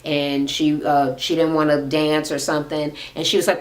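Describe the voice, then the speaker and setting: A woman's voice: low-pitched, little pitch movement, moderate pace. A woman casually chatting through a reality TV recap in a gossipy, profane manner.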